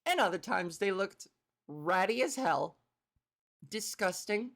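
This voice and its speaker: A woman's voice: mid-range voice, lively intonation, slow, creaky, pauses often. A woman hosting her own solo comedy podcast, talking casually from home into a microphone, rambling, self-deprecating and swearing freely. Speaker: podcast host and stand-up comedian.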